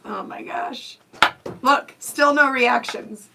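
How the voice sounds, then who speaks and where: A woman's voice: fairly high pitch, gravelly, background noise. A woman co-hosting a radio show, teasing the host in casual banter. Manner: teasing, quick to laugh. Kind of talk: casual studio chat. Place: radio studio.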